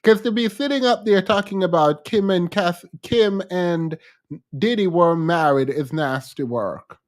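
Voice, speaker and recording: A woman's voice: fairly low pitch, a little mellow. A woman from Jamaica with a Jamaican accent, hosting a reaction commentary and pointedly picking apart a played clip. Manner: blunt and pointed, quick to laugh. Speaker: commentary host.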